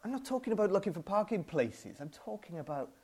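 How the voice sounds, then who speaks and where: A man's voice: high-pitched, very animated, quick pace, darkish tone, breathy edge. A man with a British accent preaching a sermon, conversational and self-deprecating, acting out his own frustrated outbursts.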